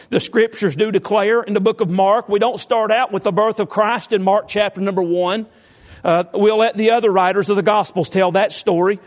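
A man pastor preaching in a church, reading King James scripture slowly and praying in a rhythmic cadence full of "Lord" and "dear God". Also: high-pitched, fairly even intonation. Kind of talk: sermon with scripture reading and prayer. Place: church sanctuary.

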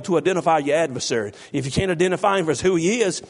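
A middle-aged man preaching a sermon, calling on his congregation by name and rising to loud exhortation. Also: on the high side, rapid-fire, gravelly. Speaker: pastor.

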